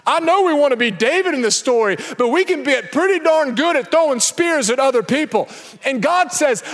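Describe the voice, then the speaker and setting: A young man preaching an energetic sermon to a church crowd, sometimes breaking into shouts. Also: extremely high pitch. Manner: energetic, building to shouts, with acted asides. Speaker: pastor. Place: large church hall. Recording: echoey church hall with long reverb.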